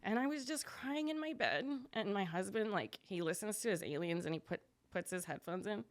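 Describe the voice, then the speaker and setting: Chatty woman guest telling her story. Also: expressive. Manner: chatty, fast, acts out quotes in a higher voice. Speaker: podcast guest. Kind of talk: casual storytelling interview.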